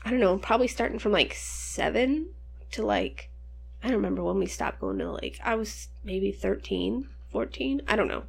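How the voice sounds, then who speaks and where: A woman's voice: mid-range voice, animated, moderate pace, gravelly, a little hiss or hum. A woman in her twenties telling rambling, profane childhood stories in casual podcast chat. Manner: rambling, profane, laughing storyteller. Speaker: podcast co-host.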